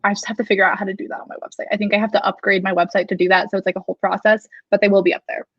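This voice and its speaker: A young woman in her twenties, an author hosting a casual release-day chat, talking fast and loosely with many fillers. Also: mid-range voice, level tone, no echo, muffled recording.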